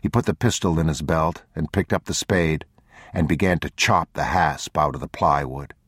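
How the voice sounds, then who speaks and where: A man narrating an audiobook in a measured, grave, unhurried way, on a close studio mic. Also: extremely low pitch, husky, dry recording. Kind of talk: scripted narration.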